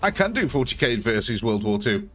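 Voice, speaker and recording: A man's voice: medium pitch, big pitch swings, brisk, a bit bright, faint music behind. A young man chatting through a live gameplay stream, thanking viewers and talking through his choices.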